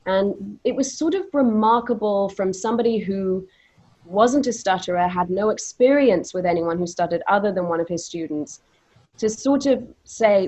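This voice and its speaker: A woman who stutters at times, telling stories in a lively way while moderating a panel on a video call. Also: medium pitch, normal speed. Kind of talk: casual conversation on a video panel.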